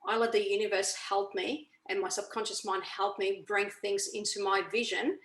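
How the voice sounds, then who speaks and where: A woman's voice: mid-range voice, flat delivery, normal speed, fairly bright tone. A woman explaining ideas on a video call as a guest coach, who keeps checking in with "okay?". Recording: roomy echo.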